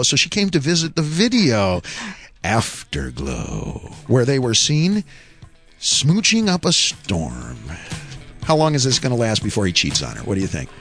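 A man hosting a morning radio show, joking and rambling with quick asides. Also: on the high side, fairly bright tone. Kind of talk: casual morning radio banter.

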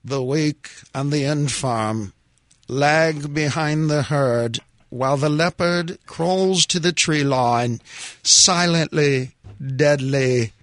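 A man putting on a British accent as a hushed wildlife documentary narrator, slow with dramatic pauses. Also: a little high, no echo, studio quality. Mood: hushed suspense.

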